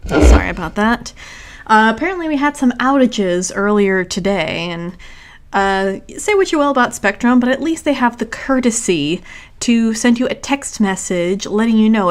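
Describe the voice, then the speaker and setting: A woman's voice: mid-range voice, lively intonation, unhurried. A woman hosting a casual livestream, rambling and correcting herself as she chats, a little congested. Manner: rambling, self-correcting, chatty. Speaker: streamer host.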